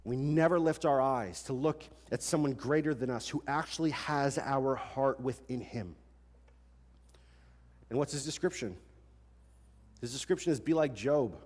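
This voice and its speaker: Animated male pastor in a reverberant hall. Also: mid-range voice, measured pace, pauses often. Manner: animated, conversational, rhetorical questions. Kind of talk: sermon. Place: large church hall. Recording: long church hall reverb.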